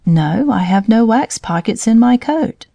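A woman's voice: on the high side, animated, measured pace, creaky, warm tone, dry recording, lo-fi sound, voice pushed up, exaggerated voice. A woman reading a storybook aloud, voicing a proud, self-important male drone bee who means to be king. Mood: complaining.

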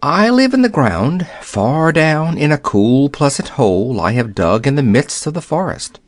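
Man voicing a timid little rabbit, gentle, chatty, lively lilt, storybook. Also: a little high, a little slow, dry recording. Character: shy gentle male forest rabbit.

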